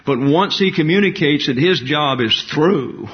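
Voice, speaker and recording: A man preaching an expository Bible teaching sermon as pastor, speaking deliberately, explaining Greek terms and making side remarks. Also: a little high, animated. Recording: dull lo-fi recording.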